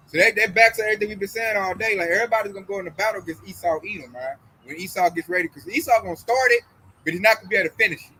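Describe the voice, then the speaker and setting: A man's voice: high-pitched, very fast, bright, forceful tone, slightly rough, low-quality recording. A man talking casually about religion as a host, emphatic and full of slang, acting out the voices of people he quotes.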